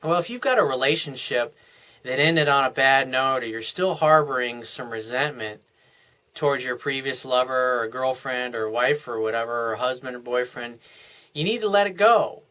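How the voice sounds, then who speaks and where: A man's voice: mid-range voice, normal speed. Male relationship coach, earnest advice monologue, middle-range voice. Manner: earnest, acts out couples' dialogue in softer voices. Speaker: dating and life coach.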